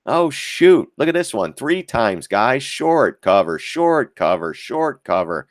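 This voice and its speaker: A man's voice: mid-range voice, takes it slowly, no room sound, clean studio sound. A man giving blunt, profane live-stream commentary on stock charts and talking to viewers as guys. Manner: lively, mocks critics in put-on voices.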